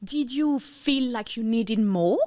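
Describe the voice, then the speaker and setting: A woman's voice: a little high, slow, mellow. A woman hosting a podcast interview, asking curious, short follow-up questions. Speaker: podcast host.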